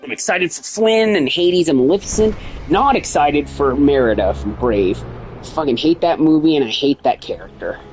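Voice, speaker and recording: A man's voice: fairly high pitch, lively intonation, normal speed, darkish tone, soft background music, poor audio. A man livestreaming a video game, swearing and joking sarcastically as he reads the game's dialogue aloud in his own voice. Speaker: gaming livestreamer. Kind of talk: casual gameplay commentary.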